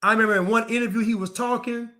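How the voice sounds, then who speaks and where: A man's voice: very high-pitched, fairly even intonation, quick pace, sharp tone. A man delivering a defiant ranting monologue to camera, repeating his phrases over and over.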